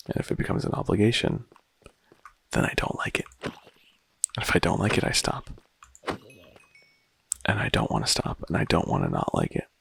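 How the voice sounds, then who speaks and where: A man musing quietly in a casual, rambling way while playing a game, with a lot of vocal fry when he speaks softly. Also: low-pitched, huge pitch swings, fairly quick, long pauses. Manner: soft-spoken, rambling and reflective. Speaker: gaming vlogger.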